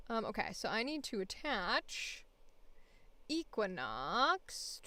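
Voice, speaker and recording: Chatty woman streamer, smooth clear voice. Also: a little high, wildly swooping pitch, takes it slowly, bright, forceful tone. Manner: rambling, many fillers and restarts. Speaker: voice actor streamer. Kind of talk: casual livestream chat.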